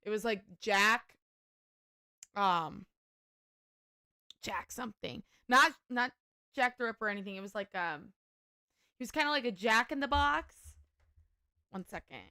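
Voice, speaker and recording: A woman hosting a livestream, chatting casually and telling stories in an animated, profane way. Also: fairly high pitch, measured pace, pauses often, smooth, dry recording, studio quality. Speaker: livestream host. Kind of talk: casual chat while gaming.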